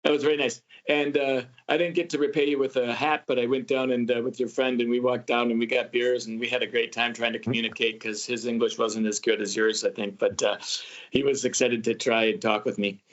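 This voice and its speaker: Male travel podcast host, casual animated storyteller, muffled lo-fi recording. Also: mid-range voice, fairly quick. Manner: animated, acts out quoted voices. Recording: muffled lo-fi audio.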